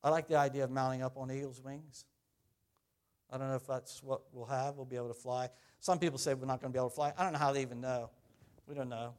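A middle-aged man preaching a sermon as pastor, talking in a conversational way, asking the congregation questions and swinging from loud to quiet. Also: mid-range voice, steady tone, quick pace.

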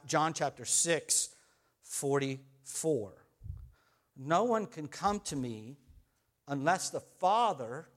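A male preacher with a high voice delivers a sermon. He reads scripture aloud and hammers home his points by repeating key phrases with emphasis.

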